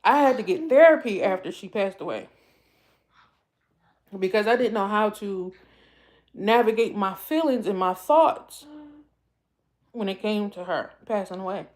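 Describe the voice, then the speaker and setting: A woman hosting her own vlog speaks in an emotional, casual way. She is tearful and halting, repeating phrases as she goes, and keeps an unhurried, drawn-out pace at a mid pitch. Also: expressive, a little mellow. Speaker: vlogger host.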